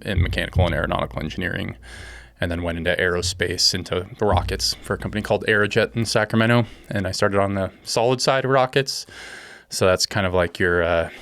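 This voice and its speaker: A man from California talks in a relaxed, plainspoken way. His voice sits low and has a gravelly fry to it. The recording is dry, with no room sound. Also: no room sound. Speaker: guest, aerospace engineer and kayaker. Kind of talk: casual interview.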